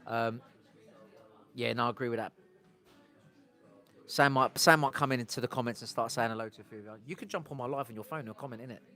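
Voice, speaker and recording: A man's voice: medium pitch, fast, pauses often, bright, forceful tone, faint music behind. A man from England hosting a casual outdoor live stream, rambling and breaking off to talk to his viewers. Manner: rambling, self-interrupting, talks to viewers. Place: outdoors on a street.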